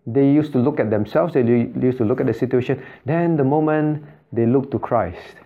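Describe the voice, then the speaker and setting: A man's voice: mid-range voice, moderate pace, phone-quality sound. A male pastor preaching a sermon, often asking his congregation questions and repeating phrases for emphasis. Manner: asks the congregation frequent rhetorical questions.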